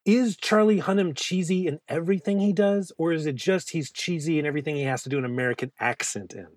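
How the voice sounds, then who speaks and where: A man's voice: on the high side, fast talker, a little mellow, dry recording, studio quality. A man co-hosting a movie podcast in casual, rambling chat, joking and swearing freely. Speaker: podcast co-host.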